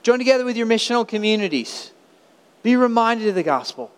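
A male pastor delivers an emphatic sermon full of rhetorical questions. His voice sits high and rings clear. It carries the long reverb of a church hall. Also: very animated, fairly quick. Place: church sanctuary.

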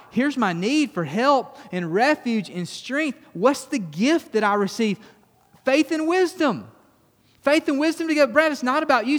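A pastor giving a conversational sermon that turns emphatic, then closes in quiet prayer. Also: male voice, high-pitched. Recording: long reverb of a church hall.

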